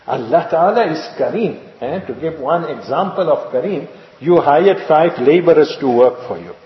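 A man with a somewhat high voice delivers a sermon, full of stories and rhetorical questions. His words ring through a long, echoey hall. The recording sounds dull and lo-fi. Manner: rhetorical questions and repetition, storytelling. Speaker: preacher.

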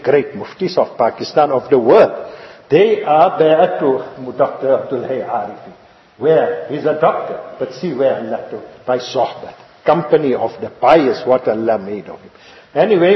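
A man with a somewhat high voice delivers a sermon, full of stories and rhetorical questions. His words ring through a long, echoey hall. The recording sounds dull and lo-fi. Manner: rhetorical questions and repetition, storytelling. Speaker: preacher.

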